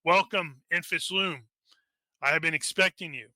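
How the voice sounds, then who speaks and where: A man voicing an old male wizard who speaks formally and cryptically, with measured grandeur. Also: fairly high pitch, pushed and bright, dry recording. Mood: stately.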